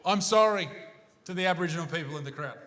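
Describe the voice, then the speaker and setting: A man's voice: fairly high pitch, quick pace, a bit bright, a little hiss or hum. A man with an Australian accent performing a stand-up comedy set on stage in front of a large crowd, with a brash, crude and punchy delivery. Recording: live show in a reverberant hall.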